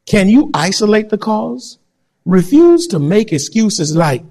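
A male pastor preaching an animated sermon. He acts out voices and breaks into shouts. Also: high voice, a little slow.

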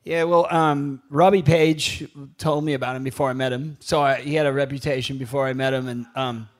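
A middle-aged American man telling rambling, profane stories in casual chat, laughing often and putting on high voices for the people he quotes. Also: steady tone, fairly quick. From United States. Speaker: guest.

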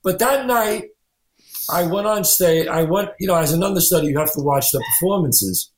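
A man's voice: high voice, normal speed. Man telling stories in a roomy room. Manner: animated anecdotes, acting out quoted voices. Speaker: actor and writer, guest. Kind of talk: storytelling interview.

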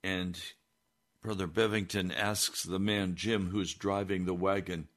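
A man preaching on a broadcast, telling a story slowly and deliberately. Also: sits low, level tone, fairly bright tone. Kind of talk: sermon storytelling.

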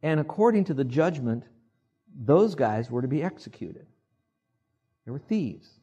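Older male pastor, husky voice, acts out quotes, call-and-response sermon. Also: mid-range voice, measured pace, muffled recording. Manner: animated, acts out quoted voices, asks the congregation to repeat.

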